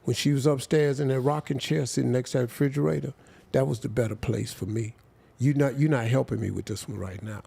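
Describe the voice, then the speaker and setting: An older man with tells a personal story as an interview guest. His gravelly voice sits at an ordinary pitch, and he talks slowly and heartfeltly, sometimes falling almost silent. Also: fairly even intonation, dark tone. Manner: slow, heartfelt, drops to near silence at emotional points. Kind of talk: emotional storytelling.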